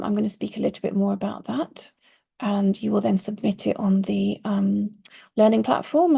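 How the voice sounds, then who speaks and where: Middle-aged woman teacher, husky gravelly tone, earnest and emphatic explaining. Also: mid-range voice, warm tone. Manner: earnest, stresses key words with slow emphasis. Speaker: Arabic teacher.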